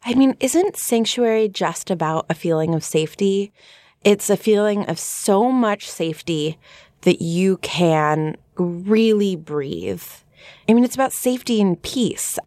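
A woman's voice: mid-range voice, expressive, unhurried, dark tone, no room sound. A woman co-hosting a podcast, talking earnestly and reflectively in a casual discussion. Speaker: podcast co-host.

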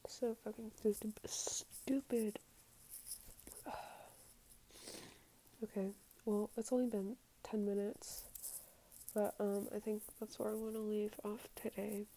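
Woman podcaster, warm low-key tone, candid and sweary, confessional diary monologue. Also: little pitch movement, a little slow, pauses often, a little hiss or hum, rough recording. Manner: candid and profane, reading out her text messages. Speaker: podcaster recording a personal diary episode.

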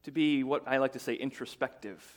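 A middle-aged man preaching a sermon as pastor, in a conversational way that often repeats words and builds into excited bursts. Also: medium pitch, fairly quick.

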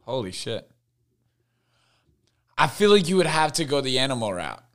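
A man's voice: medium pitch, big pitch swings, normal speed, a bit bright. A young man guesting on a podcast in casual chat, slangy and swearing a lot, with many fillers.

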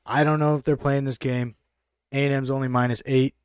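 A man's voice: medium pitch, flat delivery, brisk, clean tone, no echo, clean studio sound. A man co-hosting a casual sports betting podcast, brash and swearing freely as he runs through his picks. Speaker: podcast co-host.

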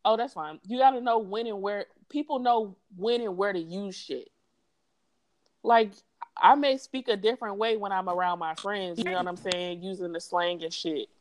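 A woman's voice: medium pitch, normal speed. A woman in casual group chat as a podcast co-host, talking in a slangy, profane, emphatic way.

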